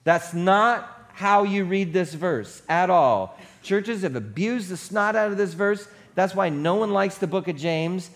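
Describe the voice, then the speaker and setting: A man's voice: high-pitched, measured pace, hardly any pauses. A middle-aged male pastor with a voice a little above the usual male range delivers his sermon from a church stage. He talks like he is chatting with friends, with a self-deprecating streak. When he quotes the people he visited, he slips into their voices.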